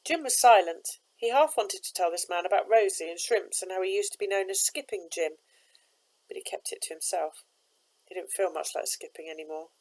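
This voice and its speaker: A woman, a teacher, reading a children's novel aloud with steady, expressive narration. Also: medium pitch, normal speed, rough recording.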